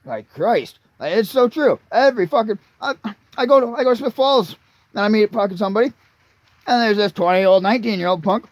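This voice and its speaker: A man near forty vents in a crude, swear-filled rant that wanders from point to point. His voice sits high for a man and sounds dry and close, with no room around it. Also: expressive, fairly quick, no echo, dull audio. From Canada. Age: 30s. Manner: crude, angry, swearing constantly. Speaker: vlogger. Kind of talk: profane rambling rant.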